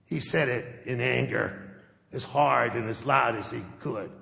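A man's voice: mid-range voice, measured pace, vocal fry, sharp tone. A male pastor giving a sermon in a church sanctuary, telling the story conversationally and often checking in with his listeners. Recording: echoey sanctuary with long reverb.

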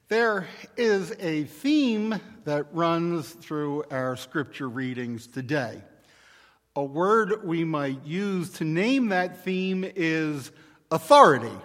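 A male pastor preaching a sermon in a deliberate, measured way. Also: fairly high pitch, long reverb tail.

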